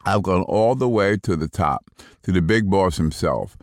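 A sulking, soggy meditation-app narrator, as a man puts him on, his deep low voice drifting from calm instruction into whiny grumbling. The sound is close and dry, with no room around it. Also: moderate pace, dry recording. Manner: soothing delivery slipping into whiny complaint. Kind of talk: comic first-person reading.

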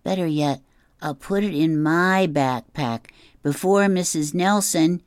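A woman's voice: deep voice, a little slow, a little mellow, no room sound, studio quality, voice pushed up. A woman voicing an embarrassed young schoolboy worried about classmates teasing him. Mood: fretful. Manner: fretful, embarrassed. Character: nervous young schoolboy with a crush.

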